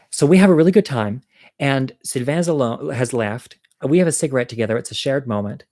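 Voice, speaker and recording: A man's voice: medium pitch, brisk, a little mellow, no echo, clean studio sound. A man telling a personal story to viewers over a livestream, candid and chatty, poking fun at himself and laughing at his own jokes. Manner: candid, self-mocking humor.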